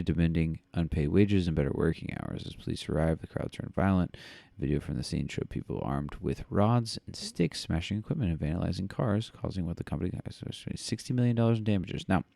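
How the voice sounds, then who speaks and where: A man's voice: low voice, brisk, vocal fry, hardly any pauses, dark tone, dry recording. A man co-hosting a podcast, reading news aloud and commenting in a rambling way with many fillers. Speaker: podcast co-host.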